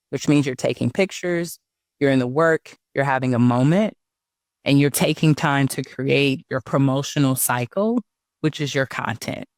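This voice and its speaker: A man's voice: mid-range voice, no echo, clean studio sound. A man coaching business owners in a casual online teaching talk, conversational and often checking in with his listeners. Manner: conversational, often asks "right?" and says "y'all".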